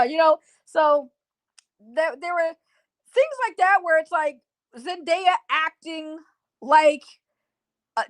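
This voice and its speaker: A young woman giving an excitable, slangy spoiler review of a movie, swearing freely. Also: sits high. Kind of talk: casual spoiler review to camera.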